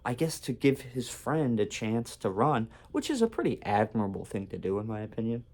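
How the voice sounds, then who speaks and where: A man's voice: medium pitch, very animated, fairly quick, a little mellow. A man telling a casual, rambling story in a vlog, full of fillers and restarts. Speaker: vlogger.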